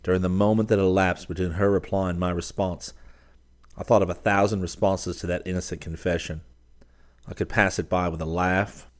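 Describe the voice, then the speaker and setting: A man narrating a first-person story in a measured, dramatic reading. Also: deep voice, fairly even intonation. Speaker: audiobook narrator.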